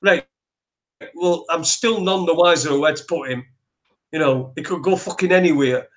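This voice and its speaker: A man co-hosting a talk show, ranting in sweary, animated bursts with lots of restarts. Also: fairly high pitch, moderate pace. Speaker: podcast co-host. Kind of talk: ranting opinion chat.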